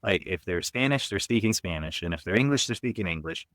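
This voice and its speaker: A man's voice: low-pitched, expressive, quick pace, fairly bright tone, no echo. A Canadian man with a Canadian accent, co-hosting a podcast and chatting casually in an opinionated, emphatic way. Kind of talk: casual chat.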